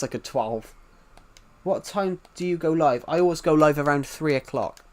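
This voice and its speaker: A man's voice: on the high side, moderate pace. Rambling British man live-streaming. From United Kingdom. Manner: rambling, repeats phrases, reads and answers chat. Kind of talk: casual live-stream chat with viewers.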